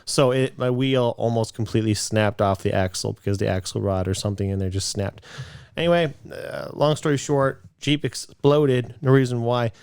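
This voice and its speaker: A man's voice: mid-range voice, normal speed, darkish tone, clean tone, no echo, clean studio sound. A man in his late twenties co-hosting a podcast, telling a rambling story in casual chat, with lots of restarts. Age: late 20s. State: a bit out of breath. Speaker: podcast co-host.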